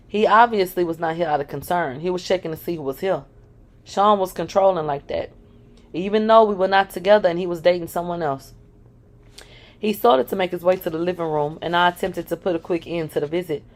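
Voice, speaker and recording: A woman reads a first-person memoir aloud in a fairly low voice. She is frank, and she breaks in with dry, sarcastic asides. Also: fairly even intonation, a little fast. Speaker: reader of a memoir.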